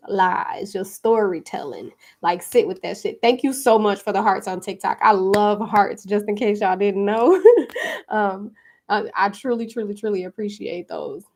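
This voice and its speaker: A woman's voice: medium pitch, creaky, a little mellow. A woman hosting a podcast, talking casually and chattily about spirituality and card readings, with frequent fillers. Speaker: podcast host and card reader.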